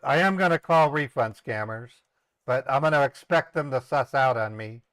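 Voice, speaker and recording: A man hosting a casual live stream, rambling and halting with many ums as he sets up a voice changer. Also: medium pitch, fairly bright tone, clear, resonant tone, dry recording. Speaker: scambaiting streamer.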